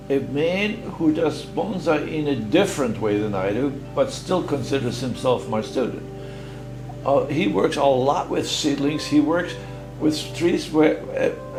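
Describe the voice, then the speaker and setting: An older man, a native German speaker, explaining bonsai styling in a halting way, repeating his words. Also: fairly high pitch. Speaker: guest bonsai master. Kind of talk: casual explanation. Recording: roomy echo with faint music.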